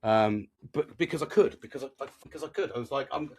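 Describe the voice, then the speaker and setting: A man's voice: medium pitch, fast, a little mellow, breathy edge. A middle-aged man, talking candidly and rambling in a casual podcast monologue, swearing often and poking fun at himself. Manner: sweary, rambling, self-deprecating. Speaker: podcast host.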